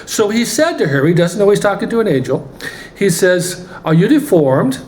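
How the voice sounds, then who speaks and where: A man telling a story from the pulpit in an animated way in a church. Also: sits high, moderate pace. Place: church sanctuary. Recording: roomy church hall, faint ambience.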